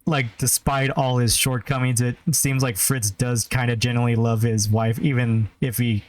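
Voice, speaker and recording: A man's voice: mid-range voice, flat delivery, normal speed. A man co-hosting a podcast, recapping in a laid-back way with many fillers. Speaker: podcast co-host. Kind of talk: casual chat.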